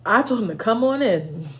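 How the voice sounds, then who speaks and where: A young woman vlogger telling a storytime with lively, profane chatter aimed straight at her viewers. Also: mid-range voice, normal speed. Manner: animated, profane, talks to viewers as y'all. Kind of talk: casual storytime while eating.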